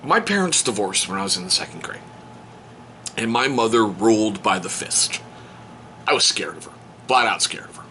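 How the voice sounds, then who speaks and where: A man's voice: on the low side, normal speed, pauses often, slight background noise. A man telling a casual, joking story to camera as a stepfather vlogger, at home. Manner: joking, animated, playful. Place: home on a cold day. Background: heater running.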